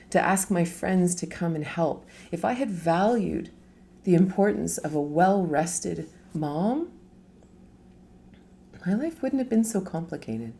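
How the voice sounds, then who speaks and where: A woman's voice: mid-range voice, creaky, warm tone. A middle-aged woman giving a casual live talk as a spiritual teacher, chatty, laughing often and asking rhetorical questions.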